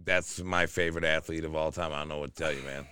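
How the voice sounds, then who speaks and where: A young man co-hosting a podcast, chatting casually and telling animated stories with plenty of swearing. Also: extremely low pitch, quick pace, clear, resonant tone, dry recording. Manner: animated storytelling, swears freely. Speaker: podcast co-host. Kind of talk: casual chat.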